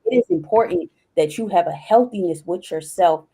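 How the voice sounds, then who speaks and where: A woman's voice: lowish voice, moderate pace, mellow, slightly rough. A woman speaking as a podcast guest in a casual, open interview, acting out past conversations as she talks. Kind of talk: casual candid interview talk.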